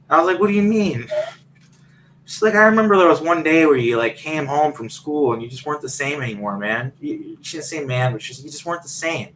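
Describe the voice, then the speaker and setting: A man's voice: fairly high pitch, normal speed, long pauses, a bit bright, slight background noise, poor audio. A man on a video call telling a long personal story in a rambling way, full of fillers and restarts. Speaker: guest.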